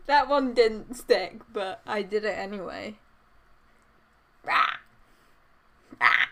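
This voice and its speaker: A woman's voice: on the high side, very animated, slow pace, long pauses, a bit bright. A young woman streaming live, chatting casually to her chat and repeating silly noises in a goofy, playful way.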